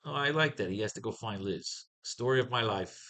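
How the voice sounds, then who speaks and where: A man teaching a writing class, giving casual commentary on comics. He talks in a profane, wisecracking and excitable way. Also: lowish voice, brisk.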